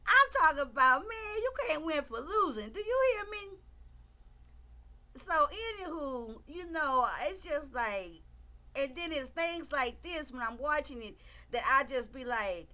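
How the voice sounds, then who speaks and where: Woman, middle-aged, livestream commentary, bright forceful tone, emphatic, talks to her viewers. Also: high-pitched, animated, unhurried.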